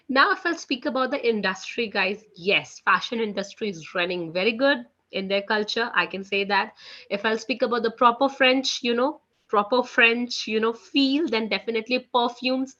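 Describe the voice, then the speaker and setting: Over dull, lo-fi call audio, a woman teaches French live online at a moderate pace. Her voice is a little high, bright and forward, and her loose chatter leans heavily on "you know" and "guys."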